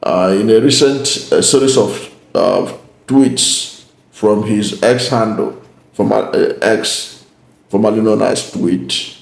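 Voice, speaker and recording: A man hosts a political commentary, speaking deliberately and pressing his points home. His voice sits low with a gravelly edge, and the recording rings with a roomy echo. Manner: deliberate and emphatic, repeating key points. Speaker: channel host.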